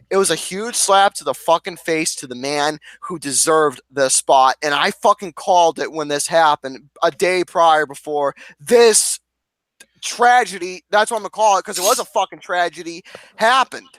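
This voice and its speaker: A man's voice: fairly high pitch, a bit bright, no room sound. A man in a casual ranking chat, speaking in a heated, emphatic way with lots of swearing.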